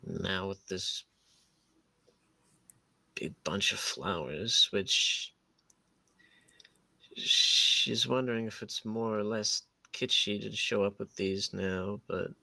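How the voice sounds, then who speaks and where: A man's voice: lowish voice, slow, creaky, long pauses, pushed and bright, no room sound. A man playing a tabletop role-playing game, hesitantly describing what his character does and thinking aloud. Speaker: player.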